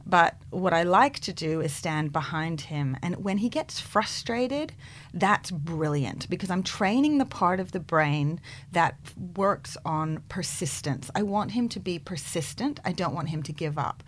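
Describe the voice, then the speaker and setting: Animated woman psychologist, lowish voice. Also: a little slow, a little hiss or hum. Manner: animated, acts out quotes in bright voices. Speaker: clinical psychologist, guest. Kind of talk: radio interview.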